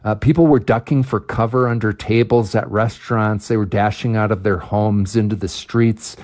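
A man's voice: on the low side, fairly even intonation, normal speed, a little mellow. A man, a reporter, describing a news event in plain, conversational reporting.

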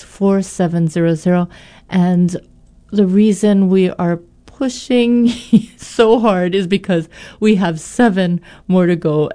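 A woman's voice: lowish voice, dark tone. A woman hosting a public radio pledge drive in a studio, chatty and upbeat, with a few fillers as she gives the number.

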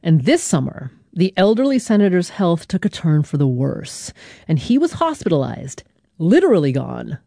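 A woman hosting a radio news show, reading a scripted narration in a measured, deliberate way with dramatic pauses. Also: fairly low pitch, big pitch swings, vocal fry, mellow, dry recording, studio quality.

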